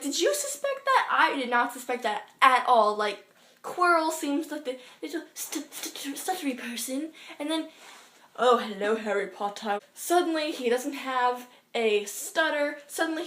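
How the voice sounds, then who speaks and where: A teenage girl gushes about a book in a high, bright voice, rambling from one excited aside to the next. The room is roomy and echoey around her. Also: slight background noise. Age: teens. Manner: gushing, rambling, quick asides. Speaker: book vlogger. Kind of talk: excited book review vlog. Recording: roomy echo.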